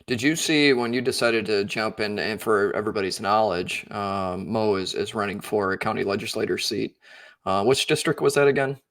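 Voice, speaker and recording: A man's voice: lowish voice, normal speed, a bit bright, no room sound. A man, hosting a casual podcast interview and thinking aloud with loose, rambling phrasing. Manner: rambling, many fillers and restarts. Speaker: podcast host.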